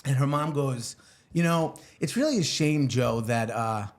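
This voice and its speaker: A man spins a rowdy personal story as a podcast guest, very animated and quick to swear, jumping into the voices of the people in it. His voice sits at an ordinary middle pitch for a man. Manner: animated, swears freely, acts out quotes. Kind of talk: casual storytelling.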